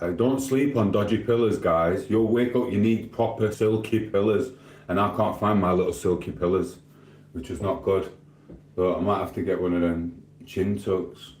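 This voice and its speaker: Sheffield bloke rambling on his livestream, cheeky, low voice, echoey room. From Sheffield, England. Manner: cheeky, rambling, talks back to chat. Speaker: live streamer. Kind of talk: casual live-stream chat reading comments. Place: home living room.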